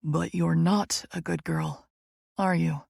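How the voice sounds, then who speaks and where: A woman voicing a dominant, teasing young man in an audiobook, speaking low, slow and commanding. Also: flat delivery, gravelly, darkish tone, breathy edge, dry recording, clean studio sound, full character voice. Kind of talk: audiobook character voice.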